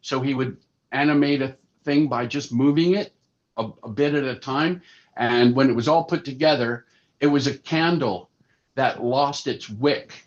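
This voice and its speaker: A man in his sixties, a puppeteer and actor, chatting through animated anecdotes as a podcast guest. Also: mid-range voice, unhurried. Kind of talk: casual interview storytelling. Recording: slightly dull lo-fi sound.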